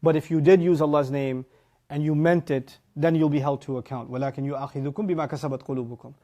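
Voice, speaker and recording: A middle-aged man delivers a religious lecture in a fairly high voice. He is animated and emphatic, quoting Arabic phrases and briefly acting out his students' reactions. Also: very fast. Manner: quotes Arabic phrases and explains them. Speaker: Quran teacher.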